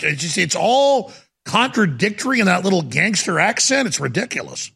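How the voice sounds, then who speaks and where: A man's voice: high-pitched, sing-song, normal speed, creaky, bright, forceful tone, breathy edge. A man hosting a talk show, interviewing a guest in an indignant, rambling way and cutting in often. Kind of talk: heated interview.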